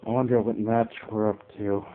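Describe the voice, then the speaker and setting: A low-voiced man talks his way through a fighting game, grumbling at his opponents and shouting out attack names as he plays. His voice comes through a tinny, phone-like mic with a faint hiss behind it. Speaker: let's play gamer. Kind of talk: gameplay commentary.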